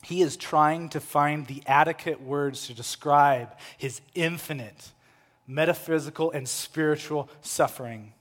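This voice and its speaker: A man preaching a sermon, swinging between loud, impassioned proclamation and hushed, quiet lines. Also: fairly high pitch, fairly even intonation, measured pace. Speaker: pastor. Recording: long hall reverb.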